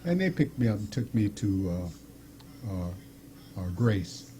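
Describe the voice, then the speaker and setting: A middle-aged man casually telling a personal story, animated, acting out the people in it and laughing often. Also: lowish voice, slow, a little hiss or hum.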